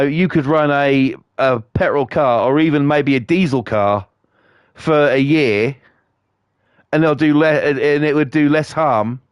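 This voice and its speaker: A man's voice: medium pitch, clear, resonant tone, no echo, studio quality. Blunt, foul-mouthed British man ranting. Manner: profane, blunt, scornful. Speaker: livestreamer. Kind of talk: ranting stream chat.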